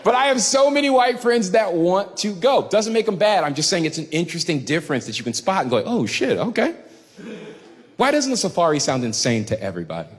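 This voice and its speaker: A man performing a stand-up comedy routine on a club stage, animated and crowd-baiting, swearing freely and acting out other people. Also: high voice, quick pace, hardly any pauses, big-room sound, background noise.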